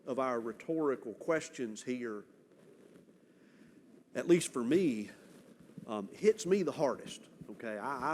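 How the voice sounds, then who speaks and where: A man preaching a sermon as pastor, earnest and emphatic, with dramatic pauses. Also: a little high, darkish tone, slight background noise. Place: church sanctuary. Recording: church hall reverb, faint ambience.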